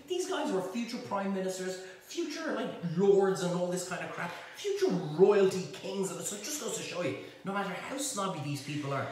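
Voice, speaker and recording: A man's voice: high-pitched, very animated, normal speed, few pauses. A man hosting a live cook-along, rambling and joking with slangy asides. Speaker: chef and cooking show host. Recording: echoey room, mic at a distance, faint noise.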